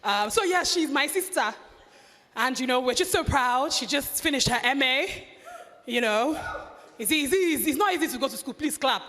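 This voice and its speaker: A woman's voice: high-pitched, expressive, moderate pace, slight background noise. A Nigerian woman presenting at an event on stage, chatty and informal, introducing the next speaker. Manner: chatty, informal, with warm asides. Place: large indoor event hall. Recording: echoey festival hall.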